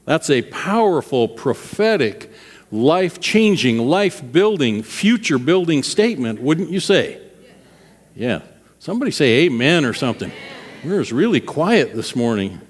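A man's voice: a little high, sing-song, unhurried. A man preaching a sermon to his congregation in a conversational manner, often checking that they are following along. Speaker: pastor. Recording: long reverb of a large hall.

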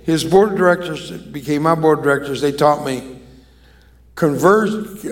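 A man's voice: fairly high pitch, moderate pace. An older man preaching a sermon as an evangelist, emphatic and drawing the congregation into call-and-response.

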